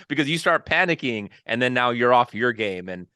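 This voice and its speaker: A man with a bright, forceful voice hosts a podcast and chats in an animated way, laughing now and then. The sound is dry and close, with no room echo. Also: mid-range voice, fairly quick, few pauses, smooth. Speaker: podcast host. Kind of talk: casual chat.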